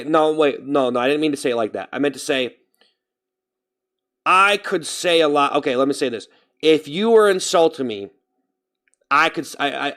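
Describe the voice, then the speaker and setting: A man with a fairly high voice rambles through a casual live stream, talking straight to his chat. He keeps tripping over his words, restarting and correcting himself before he finishes a thought. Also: a bit bright. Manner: talks straight to chat, reading out names.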